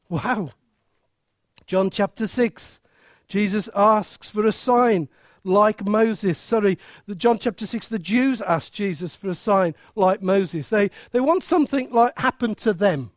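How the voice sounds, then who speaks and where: A man preaching a sermon in an animated, chatty style, jumping into quoted voices and stumbling over restarts. His voice sits very high for a man. The sound is close and dry, with no room around it. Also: a little slow, dry recording.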